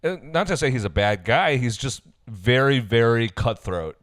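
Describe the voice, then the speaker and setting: A man's voice: mid-range voice, animated, normal speed, no room sound, clean studio sound. A man co-hosting a podcast, chatting casually and laughing as he acts out quotes. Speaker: podcast co-host. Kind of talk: casual chat recapping a reality show.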